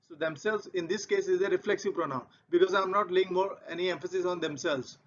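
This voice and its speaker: A man teaching English grammar, walking slowly and methodically through example sentences and repeating key points. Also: sits high. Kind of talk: explaining grammar over slides. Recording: dull lo-fi recording.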